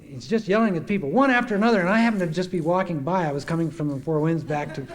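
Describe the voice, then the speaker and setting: A man's voice: on the high side, racing. A man giving a heartfelt spoken tribute to a gathering, earnest and reminiscing. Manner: earnest, reminiscing, acts out quoted speech. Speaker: speaker giving a testimonial.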